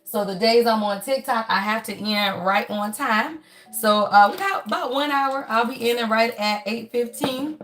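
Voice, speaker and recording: On this livestream, a spiritual reading host with a voice on the high side speaks at an ordinary pace. She's lively and preachy, cusses freely, talks bluntly in a casual way, and addresses her viewers as "y'all" again and again.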